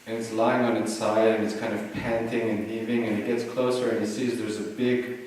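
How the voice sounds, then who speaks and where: A man giving a dharma talk, telling a teaching story in a relaxed way with many "you know"s and "like"s, recorded in a retreat hall. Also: fairly low pitch, moderate pace, a little hiss or hum. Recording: echoey hall, mic at a distance, faint ambience.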